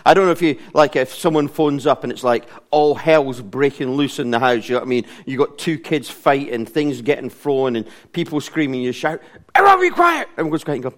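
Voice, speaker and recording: A man's voice: mid-range voice, fairly quick, hardly any pauses. A middle-aged man, preaching a casual sermon in a church, chatty and self-deprecating, laughing often. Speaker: pastor.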